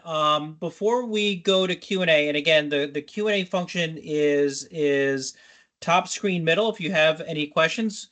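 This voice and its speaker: Male webinar host, slightly high voice, loose unscripted delivery over a video call. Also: fairly bright tone. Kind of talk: hosting an online Q&A. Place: online webinar.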